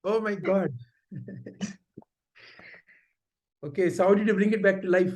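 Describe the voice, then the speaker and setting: A man teaching an online class, telling a story in a lively, conversational way over a video call. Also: sits high, a little slow.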